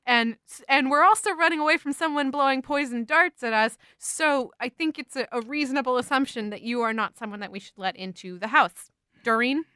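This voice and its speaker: Bright, smooth-voiced woman player. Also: sits high, brisk, no echo, clean studio sound. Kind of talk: casual in-character play.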